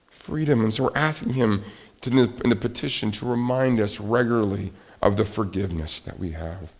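A middle-aged man preaching a sermon, rising to loud emphatic peaks and dropping to quiet, confessional lows. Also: fairly quick. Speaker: pastor.

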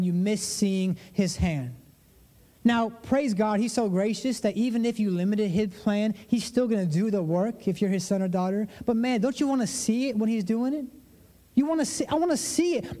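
A man's voice: dark tone, big-room sound. A man preaching a conversational sermon as a pastor, acting out prayers in a lifted voice. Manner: conversational preaching, acts out prayers with rising pitch.

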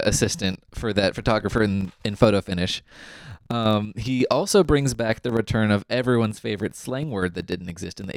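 A man's voice: fairly low pitch, no room sound, studio quality. A man co-hosting a podcast, casually recapping a TV episode, chatty and often laughing, with lots of ums. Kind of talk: casual chat.

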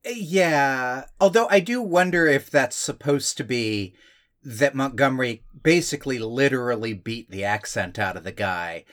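A man co-hosts a casual film discussion, walking through a plot at an unhurried, reflective pace. His voice sits in the middle range, and he often pauses to search for the right words. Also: mid-range voice, a bit bright. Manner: thoughtful, hesitant explaining with fillers. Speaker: podcast co-host.

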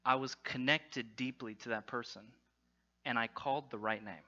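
A man addressing a congregation, telling a self-deprecating personal story with lots of fillers and animated storytelling. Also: medium pitch, normal speed, dull audio. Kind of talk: humorous personal story in a talk.

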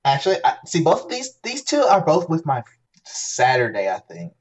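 A podcast co-host chats casually, rambling through stories with many restarts. His voice sits on the high side with huge pitch swings, a breathy edge and normal speed.

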